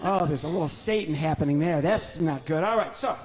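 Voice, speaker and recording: A man's voice: fairly high pitch, a little fast. A ventriloquist comedian from Illinois, a man doing a chatty, joking live act on a church stage and talking to his puppet.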